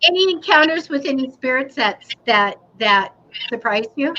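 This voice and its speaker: Bright-voiced woman telling a ghost story. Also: high voice, normal speed. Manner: animated storytelling, acting out her own quotes. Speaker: paranormal talk show panelist. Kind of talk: casual chat. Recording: dull lo-fi livestream audio with faint noise.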